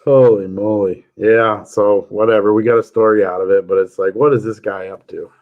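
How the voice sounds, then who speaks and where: A man's voice: fairly low pitch, steady tone, moderate pace, darkish tone, dull audio. A man hosting a casual livestream chat, telling jokey stories and chuckling often. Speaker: livestream host.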